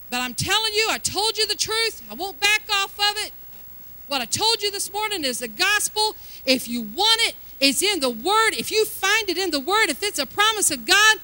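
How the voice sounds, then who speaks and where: An older woman preaching a sermon, building from chatty asides to fervent, loud exhortation. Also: very high-pitched, big pitch swings, rough recording. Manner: fervent, rising to loud exhortation, drawn-out emphasis.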